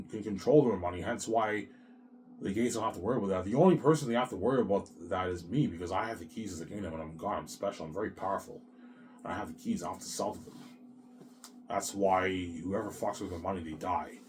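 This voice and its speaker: Deep-voiced man in an agitated ramble. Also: darkish tone, a little hiss or hum. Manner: agitated, repetitive, swears often, keeps adding "man". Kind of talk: rambling emotional monologue.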